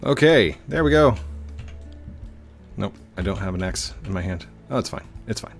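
Host, male, lowish voice, chatty gameplay commentator, quick to laugh. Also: expressive, vocal fry, faint music behind. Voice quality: chatty, laughs often, self-deprecating asides. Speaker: game channel host.

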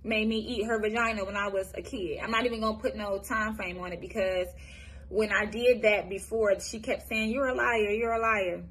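A woman's voice: medium pitch, fairly even intonation, breathy edge. A young woman from Michigan, telling her own life story to the camera in a blunt, profane way, often stopping and restarting. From Michigan, USA. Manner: candid, profane, halting with restarts. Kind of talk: personal testimony, casual storytelling.

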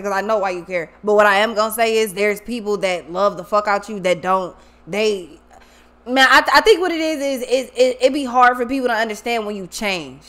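A woman's voice: mid-range voice, a bit bright. A woman giving a casual tarot reading monologue, blunt and profane, who talks emphatically and often repeats her words. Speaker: tarot reader.

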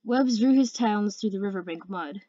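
A woman's voice: mid-range voice, moderate pace, dark tone, dry recording, dull audio. A woman reading a fantasy novel aloud as an amateur audiobook narrator, earnest and careful, with occasional slips. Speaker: audiobook reader.

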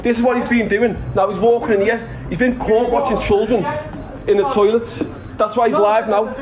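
A man's voice: high voice, fairly even intonation, normal speed, dull audio, a loud crowd. A Liverpudlian man live-streaming a street confrontation on his phone, blunt and swearing. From Liverpool, England.

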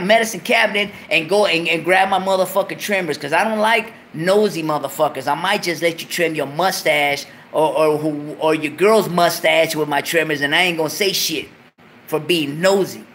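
A man's voice: fairly high pitch, normal speed, a bit bright, slight background noise. A man hosting a show, giving a profane comic monologue in laid-back street slang, lecturing his viewers. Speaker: show host.

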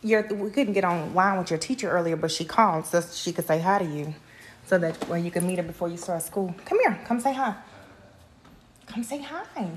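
A woman's voice: fairly low pitch, animated, normal speed, a little hiss or hum. A mother coaxing her child to greet a teacher in a casual home prank video. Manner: coaxing, urging a child to talk. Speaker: parent.

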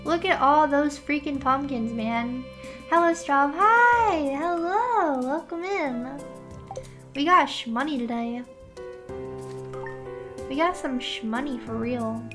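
High-voiced sleepy young woman streaming. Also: slow pace, long pauses, a bit bright. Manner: chatty, playful, answers chat, gamer slang. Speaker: VTuber streamer. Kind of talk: casual gameplay chat. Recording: game music playing behind.

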